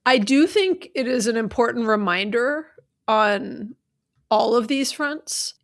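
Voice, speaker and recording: On a money podcast, a Southern American woman co-host speaks slowly in a higher, gravelly and expressive voice. She chats casually with plenty of fillers, performing example call scripts along the way.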